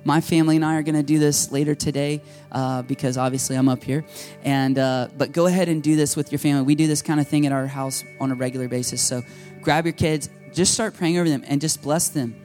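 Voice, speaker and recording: A man in his thirties preaching a sermon, telling a family story with lively, animated delivery and high jumps in his voice when quoting. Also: fast talker, faint music behind. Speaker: pastor.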